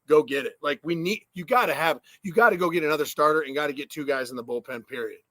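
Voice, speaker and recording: A former ballplayer talks baseball in a bright, forceful voice, a bit higher than most men, and tells animated stories. The sound is close and dry, with no room around it. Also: male voice, quick pace, no echo. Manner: animated storytelling with swearing and laughs. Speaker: podcast co-host, former ballplayer. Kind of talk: casual sports chat.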